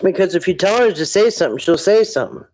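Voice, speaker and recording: A man's voice: sits high, animated, fast talker, darkish tone, poor audio. A man hosting a casual livestream, rambling and thinking aloud as he answers viewer chat. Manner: rambling, thinks aloud, quotes people in put-on voices.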